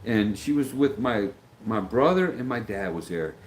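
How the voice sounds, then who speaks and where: A man's voice: fairly low pitch, lively intonation, normal speed, poor audio. A middle-aged man talking casually on a livestream, reading out viewer comments and answering them in a rambling way, sometimes losing his train of thought and acting out the voices of people he quotes.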